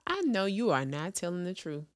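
A woman's voice: on the low side, sing-song, brisk. A woman in casual chat who reads prim phrases aloud and laughs a lot.

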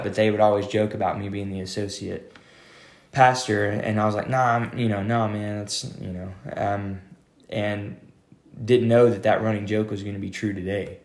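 Rambling pastor, low and echoey. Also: male voice. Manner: rambling, lots of fillers and "man". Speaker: associate pastor. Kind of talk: casual storytelling interview. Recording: echoey room.

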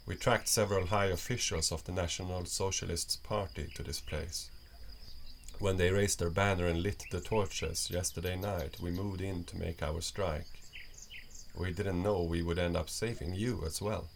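A man's voice: low voice, steady tone, moderate pace, vocal fry, a little hiss or hum. A man voicing a kind, patient male soldier in a storybook reading, explaining things steadily. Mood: calm.

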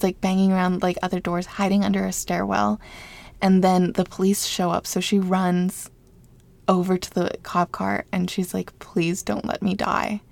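A woman's voice: mid-range voice, vocal fry, darkish tone, no echo. A young woman co-hosting a podcast, casually retelling a true-crime story with lots of "like" fillers. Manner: chatty storytelling, frequent "like" fillers. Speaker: podcast co-host.

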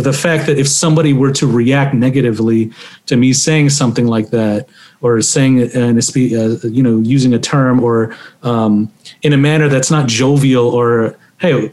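Halting, reflective man talking. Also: mid-range voice, a little mellow. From Maryland, US. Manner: halting, many fillers and restarts. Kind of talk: conversational interview.

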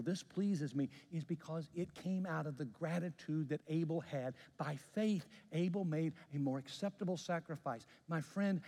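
Male pastor, sermon delivery, halting storyteller, long hall reverb. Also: on the high side, mellow. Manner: storytelling with repeated stammered restarts.

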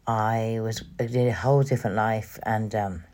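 A woman hosting a podcast, telling her personal story in an emotional, halting way with many restarts. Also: a bass voice, mellow. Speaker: podcast host.

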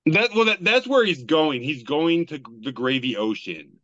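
A man's voice: fairly high pitch, big pitch swings, moderate pace, fairly bright tone, dry recording, dull audio. A man hosting a casual podcast, reading memes aloud in a loose, joking way and swearing freely. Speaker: podcast host.

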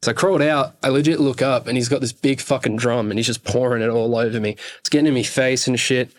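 A man speaks as a podcast guest, recounting a story in casual, rambling talk. He swears constantly and pads lines with loose fillers. His voice sits at an ordinary male pitch. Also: fairly even intonation, fast. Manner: profane, rambling, fillers like "rah, rah".

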